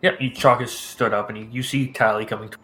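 A man's voice: mid-range voice, steady tone, fast talker, sharp tone. Man running a tabletop game. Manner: casual, improvised narration with restarts. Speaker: game master.

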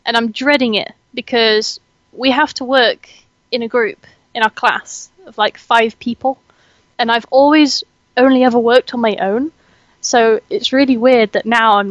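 A woman's voice: a little high, normal speed, no echo, lo-fi sound. A young woman hosting a casual chat, giggly and chatty, often poking fun at herself. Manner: giggly, chatty, self-deprecating. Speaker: host, student.

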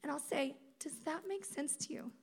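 A woman giving a sermon at a conference, conversational and animated, acting out quotes as she teaches. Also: sits high, moderate pace, creaky. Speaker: speaker at a campus ministry conference.

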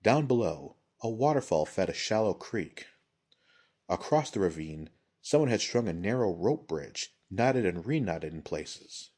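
A man reading a fantasy story aloud as scripted narration, in a measured, steady way. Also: sits low, husky. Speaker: audiobook reader.

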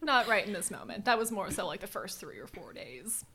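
A young woman co-hosting a podcast, telling a story in animated, casual chat. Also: mid-range voice, fairly quick, slight background noise. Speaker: podcast co-host.

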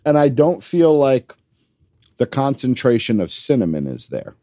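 A man's voice: mid-range voice, very animated, a little slow, warm tone, no echo, studio quality. A man co-hosting a casual podcast with a wry, teasing, self-deprecating manner. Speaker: podcast co-host.

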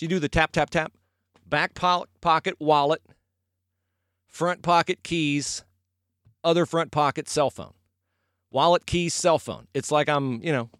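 Male podcast host, casual folksy talk, very lively pitch, dry close sound. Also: dry recording. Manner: animated, folksy, emphatic repetition.

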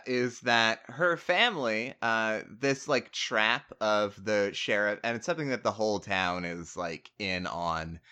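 A man's voice: on the low side, sharp tone. A man in casual chat about a movie, rambling with lots of fillers and the odd swear word.

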